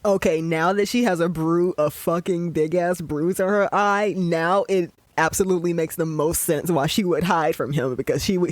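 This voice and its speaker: A young adult podcast host talks through a show in a loose, swearing rant, worked up and exasperated. The voice sits at an ordinary middle pitch, recorded close and dry with no room sound. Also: dry recording. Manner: ranting, profane and exasperated. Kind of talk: casual show commentary.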